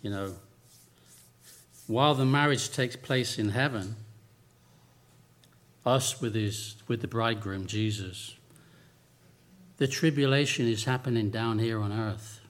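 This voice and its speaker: A man's voice: mid-range voice, unhurried, long pauses. Male preacher, chatty sermon delivery, jokes and asides mixed into the teaching. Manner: lively and conversational, with humorous asides.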